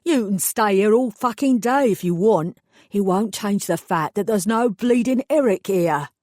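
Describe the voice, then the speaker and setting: A woman voicing a burly, tattooed older male mechanic with an East End London accent, gruff, slow and hostile in an audiobook. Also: high voice, warm tone, no echo, clean studio sound. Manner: gruff, slow, menacing, swears.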